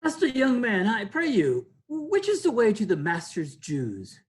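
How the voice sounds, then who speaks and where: A woman reading the part of a muddled, humble, half-blind poor old man in an amateur play reading, halting and doddering. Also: medium pitch, wildly swooping pitch, a little mellow. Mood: confused.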